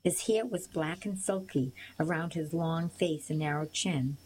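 A woman's voice: deep voice, a little mellow, slight background noise, poor audio. Woman narrating a storybook in first person. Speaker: audiobook narrator.

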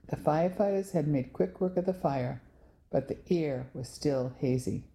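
A woman narrating a novel in the first person, telling the story in a clear, measured way. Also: low-pitched, warm tone. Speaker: audiobook narrator.

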